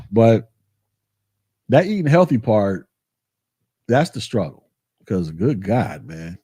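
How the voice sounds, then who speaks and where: A man hosting a casual vlog, telling stories in a colloquial way that is animated and full of repetition. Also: fairly low pitch, dry recording, clean studio sound. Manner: animated storytelling, colloquial, repeats himself. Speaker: tech channel host.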